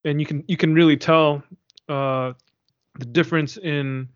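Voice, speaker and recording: A man's voice: fairly high pitch, measured pace, no room sound, muffled recording. Man in his forties, dry podcast chat. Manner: relaxed, thoughtful, peppered with "you know" and "man". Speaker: podcast co-host. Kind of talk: casual chat.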